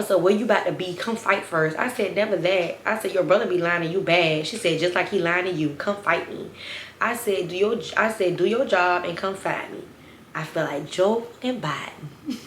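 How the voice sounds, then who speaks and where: A young woman tells a story in a lively, sassy way and keeps turning to her viewers. Her voice is bright and forward, and the room gives it a noticeable echo. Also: lowish voice, a little hiss or hum. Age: 20s. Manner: animated, sassy, talks straight to viewers. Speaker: storytime vlogger. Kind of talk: casual storytime.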